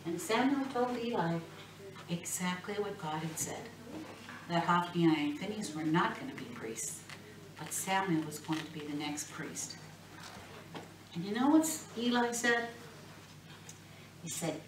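Woman, children's storyteller, acts out voices, bright, forceful voice, fairly low, distant mic in a reverberant room. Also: measured pace, slight background noise. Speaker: children's Bible teacher. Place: classroom or church room. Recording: echoey room, recorded from a distance.

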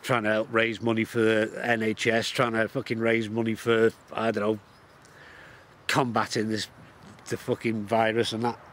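A man's voice: lowish voice, monotone, moderate pace, fairly bright tone, a little hiss or hum. A man vlogging outdoors in the countryside, delivering a heated, blunt rant to camera and swearing constantly. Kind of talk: profane angry rant to camera.

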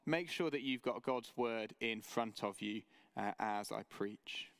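A man preaching a sermon for an online church service, measured and earnest, with story-telling asides. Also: on the low side, dry recording. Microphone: camera mic, online service.

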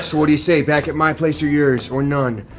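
An actor playing a hard-boiled detective with gruff noir swagger at a bar, loud noise behind. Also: medium pitch, fairly even intonation, brisk, lightly acted.

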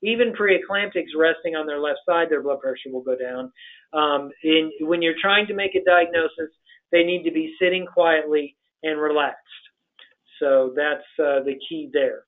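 A man's voice: a little high, moderate pace. Hesitant man lecturing over tinny audio. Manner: hesitant, many ums and uhs, explanatory. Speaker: physician lecturer. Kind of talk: medical webinar lecture. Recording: tinny phone-like webinar audio.

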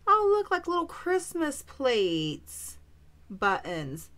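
A woman's voice: sits high, huge pitch swings, slow, bright, forceful tone. A woman vlogger chatting casually as she opens a craft supply swap, gushing with delighted exclamations over each item. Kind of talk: casual unboxing chat.

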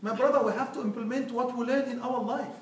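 High-voiced preacher in an echoey mosque. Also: male voice, fairly even intonation, quick pace, slight background noise. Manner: earnest, pleading, addresses listeners as brother. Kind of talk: Friday sermon. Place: mosque prayer hall. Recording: echoey hall, mic far off.

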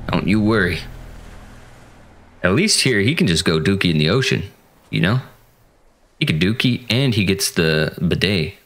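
A man's voice: sits low, a bit bright. A man casually commentating a horror game, joking and talking to the characters. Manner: jokey, playful, talks to the game characters. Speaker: gaming channel host.

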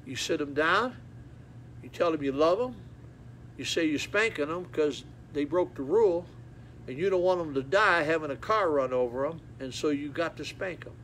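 A man preaching a sermon, folksy and repetitive, telling stories with animated acted-out moments. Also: on the high side, moderate pace, slight background noise.

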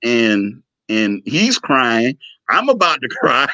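A man's voice: medium pitch, slow pace, dry recording. A man telling an emotional personal story as an interview guest and acting out the dialogue. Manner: emotional, animated, acts out dialogue. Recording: dull lo-fi, dry.

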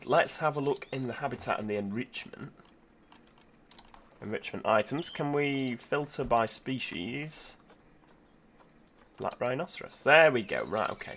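A man giving casual, chatty commentary while playing a zoo-building game, thinking aloud with lots of fillers, over quiet background music. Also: mid-range voice, normal speed, slight background noise. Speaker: gameplay video host. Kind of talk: casual let's-play commentary.

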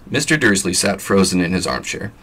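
A man with a low, husky voice and a scratchy throat reads a novel aloud at a plain pace. His delivery is forceful and bright in tone, with casual asides mixed in. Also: lively intonation, a little fast. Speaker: vlogger reading an audiobook.

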